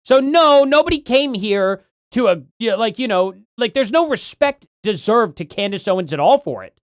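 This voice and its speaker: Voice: medium pitch, lively intonation, normal speed, no echo, studio quality. A streamer giving live commentary on a debate, rambling and jokey, then getting heated in rants.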